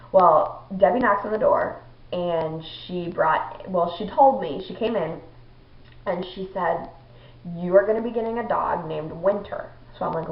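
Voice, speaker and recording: A young adult woman with a fairly low voice tells a personal story to camera at normal speed in a chatty vlog, full of ums and likes. She's indoors at home, and the audio is dull, lo-fi and echoey.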